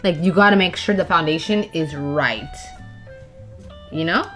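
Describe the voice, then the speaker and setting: A young woman vlogging as she builds something by hand, chatting to herself and her viewers in a casual, animated way. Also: low-pitched, a little slow, soft background music. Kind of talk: casual chat while crafting.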